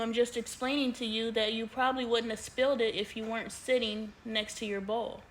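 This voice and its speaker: Mom vlogging in the kitchen, kinda high voice, faint room hum behind her, chatty and bossy with the kids. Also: level tone, fairly quick, hardly any pauses. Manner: chatty, scolding kids between asides. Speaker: family vlogger. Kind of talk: casual vlog talk to camera. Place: family kitchen at home.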